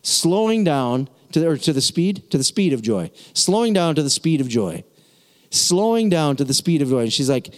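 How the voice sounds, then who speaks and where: A man preaching a sermon as pastor, lively and repetitive, drawing out words for emphasis. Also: a little high, measured pace. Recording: long hall reverb.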